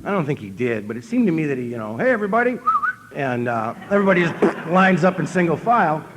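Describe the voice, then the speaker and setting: A man with an Upper Midwest American accent giving a humorous recovery talk from a convention stage, telling stories in a deadpan, self-mocking way and acting out what people said. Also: on the high side, quick pace, very noisy. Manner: storytelling, deadpan self-mocking, acts out quotes. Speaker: speaker at an AA convention.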